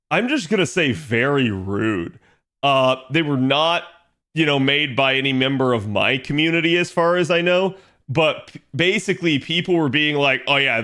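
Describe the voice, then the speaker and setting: A man's voice: fairly high pitch, fairly bright tone. A young man streaming from home, chatting casually with his viewers in a rambling way full of fillers. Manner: rambling, filler-heavy, reads chat aloud.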